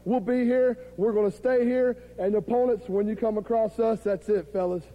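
A man cutting an angry wrestling promo, demanding and threatening. His voice is high in pitch but dark and mellow in tone. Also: steady tone, moderate pace, low-quality recording. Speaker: pro wrestler.

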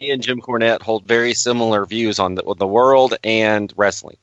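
A man co-hosting a casual podcast who speaks in dry, terse, deadpan remarks. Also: on the low side, moderate pace, highs cut off. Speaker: podcast co-host.

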